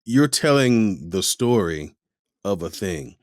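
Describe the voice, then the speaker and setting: A man's voice: low voice, slow pace, no echo, studio quality. A man, a voice actor, chatting casually in an interview and acting out quoted voices as he talks. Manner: animated, acts out quoted voices. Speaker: voice actor guest.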